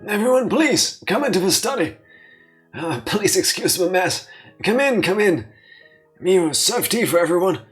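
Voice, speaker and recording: A woman's voice: medium pitch, expressive, normal speed, soft background music, pitched above the performer's own voice, lightly acted. A woman voicing an elderly male grandfather scientist who lectures formally and politely. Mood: welcoming.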